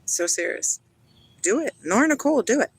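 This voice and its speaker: A woman's voice: on the high side, expressive, brisk, slightly rough, dry recording, low-quality recording. A woman talks into her phone outdoors by a river while livestreaming. Her chat is playful and dreamy and leans toward spiritual talk. She reads viewer comments aloud and answers them as she goes. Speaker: livestream host.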